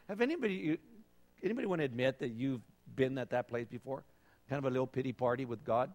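A man with a fairly high voice preaches to a congregation, telling a story in a loose, conversational way full of fillers, restarts and acted-out voices. His words ring with a long reverb in a hall. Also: fairly quick. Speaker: pastor. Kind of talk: sermon.

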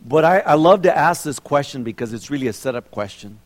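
A man's voice: fairly high pitch, a little fast. A middle-aged man preaching a sermon as pastor, telling stories and asking the congregation questions. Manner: animated storytelling, rhetorical questions to the congregation. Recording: long reverb of a large hall.

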